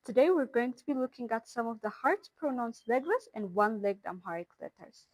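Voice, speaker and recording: A woman hosting a language channel, slowly sounding out letters and syllables in a pronunciation lesson. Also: on the high side, lively intonation, no room sound. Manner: slow, careful, sounding out each syllable. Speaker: language teacher and channel host.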